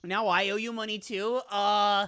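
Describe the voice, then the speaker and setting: Bubbly, bright woman streamer. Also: mid-range voice, level tone, a little slow. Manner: bubbly, playful, giggly. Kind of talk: casual live game commentary.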